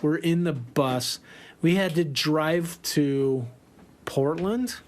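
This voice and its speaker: A man telling a tour story in a casual, animated way, laughing often and swearing freely. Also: fairly high pitch, slow pace.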